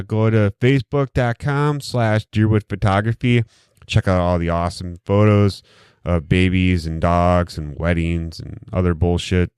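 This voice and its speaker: This man hosts a casual podcast and sounds fairly low, a little mellow, clear and resonant, captured dry and close on a studio mic. His talk is jokey, meandering and heavily profane.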